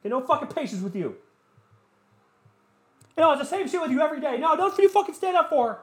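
A man's voice: very high-pitched, lively intonation, quick pace, reverberant, voice pushed up. A man voicing a furious parent who screams profanities at a small child. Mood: enraged.

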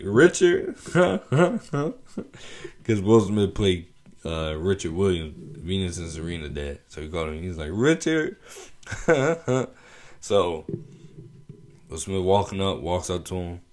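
A man's voice: low voice, moderate pace, a little mellow. A young man hosting his own show, telling a story in a laid-back, slangy way and laughing often. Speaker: podcast host. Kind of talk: casual opinion monologue.

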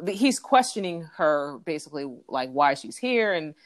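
A woman co-hosting a casual chat, recapping a TV episode in a relaxed way, with many fillers. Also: deep voice, moderate pace, no room sound. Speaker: podcast co-host recapping a TV episode.

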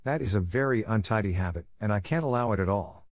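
A stern, stiff older spinster who scolds as she speaks, put on by a male reader. The voice sits a little above his usual low register, and the sound is close and dry. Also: animated, quick pace, no echo.

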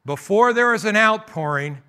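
Bright-voiced preaching man. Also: high-pitched, animated, normal speed, clear, resonant tone. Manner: preacherly, calls for amens, swings between loud bursts and soft asides. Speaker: pastor. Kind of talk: sermon.

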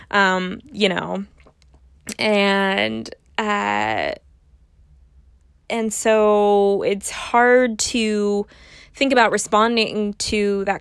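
Woman in her twenties, podcast host, unhurried and rambling, dry close sound. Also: mid-range voice, clean tone, dry recording. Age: 20s. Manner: rambling, full of fillers and restarts, self-mocking, swears casually. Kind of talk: casual solo podcast monologue.

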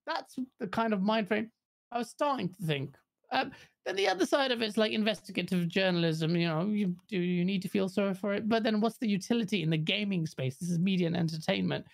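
Woman, podcast co-host, casual chat, blunt, profane, mocking quotes, mid pitch. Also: brisk, gravelly. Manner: jumps into high mocking quotes.

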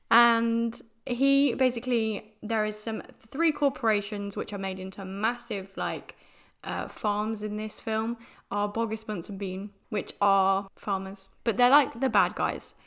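A woman's voice: medium pitch, fairly even intonation, measured pace, a bit bright. A young British woman from the UK hosting a podcast, talking casually about a film in a chatty, rambling way. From United Kingdom. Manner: chatty and rambling, with many restarts and fillers. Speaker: podcast host.

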